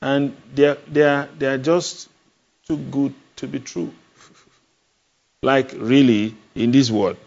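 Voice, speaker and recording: A man's voice: mid-range voice, fairly even intonation, takes it slowly, vocal fry, long pauses, darkish tone. A male preacher, delivering a sermon emphatically, asking the congregation questions and repeating key phrases. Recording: dull lo-fi sound.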